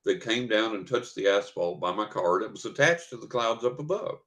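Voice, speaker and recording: An older man with a drawl and a fairly low voice tells a story as a podcast guest. He paints each scene in detail and acts out what people said along the way. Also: lively intonation, brisk, fairly bright tone. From West Texas. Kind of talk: vivid personal storytelling.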